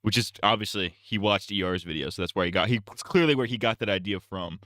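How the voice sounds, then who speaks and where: Crude, mocking male streamer, low voice. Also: quick pace, bright, forceful tone, no room sound, clean studio sound. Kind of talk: casual reaction commentary.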